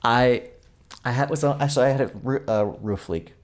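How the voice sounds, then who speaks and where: Animated, exasperated male podcast co-host. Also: mid-range voice, moderate pace. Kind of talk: casual chat.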